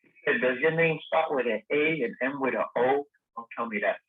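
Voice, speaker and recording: A man guest telling a lively story in a casual interview, acting out the dialogue he quotes. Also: medium pitch, a little fast, breathy edge. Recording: tinny phone-line sound.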